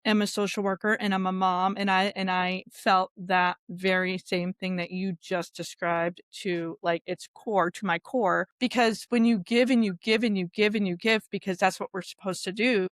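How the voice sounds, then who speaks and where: A woman's voice: mid-range voice, fairly even intonation, moderate pace, hardly any pauses, clean tone, no echo. A woman co-hosting a podcast, a social worker, responding empathetically and repeating phrases for emphasis. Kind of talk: podcast interview.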